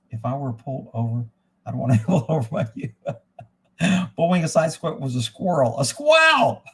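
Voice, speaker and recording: A man's voice: mid-range voice, slightly rough. A man hosting a live stream, talking in a blunt, profane, rambling way from indoors at his rural home. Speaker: livestream host. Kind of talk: casual rambling livestream talk.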